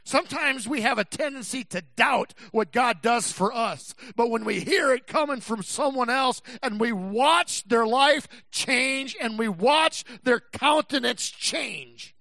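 A male pastor preaching a sermon, swinging from shouted passages to quiet, slow, emphatic stretches. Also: very high voice, creaky, dry recording. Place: church.

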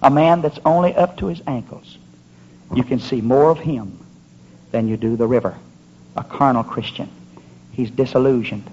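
A man preaching a fervent, rhythmic sermon at a church service, often building up to shouts. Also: mid-range voice, moderate pace, long pauses, slight background noise. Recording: muffled lo-fi recording.

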